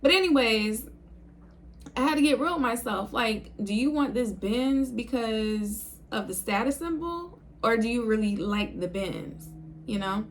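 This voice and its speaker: A young woman talking to her viewers in a low, calm, unhurried way, casual and reflective. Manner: low, calm, chill delivery. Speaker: video creator. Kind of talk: casual talk to camera.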